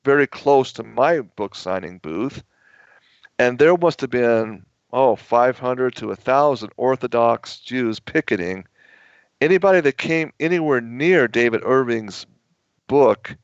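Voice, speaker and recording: A man with a gravelly, fry-edged voice tells long, emphatic stories as a radio guest. His delivery rambles forward with plenty of push. The sound is dry and a bit dull and lo-fi, like an older broadcast feed. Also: mid-range voice, no room sound. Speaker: author guest on a radio show. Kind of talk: radio talk show storytelling.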